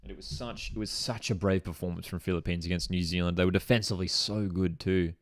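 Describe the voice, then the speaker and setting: Man, deep low voice, live football reaction, excitable and chatty, dry close sound. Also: quick pace, dry recording. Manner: excitable, chatty, reads chat messages aloud. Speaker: football watchalong host.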